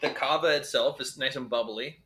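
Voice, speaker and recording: A man from North Carolina co-hosting a podcast, chatting casually with dry, deadpan jokes. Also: medium pitch, brisk. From North Carolina, USA. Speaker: podcast co-host.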